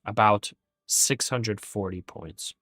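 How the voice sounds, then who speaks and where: A man talks through his trades on a live stream and thinks aloud as he works the numbers. He is candid and openly critical of his own mistakes. His voice sits fairly low and sounds dry and close, with faint music underneath. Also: slow pace, sharp tone, dry recording. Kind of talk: live trading commentary.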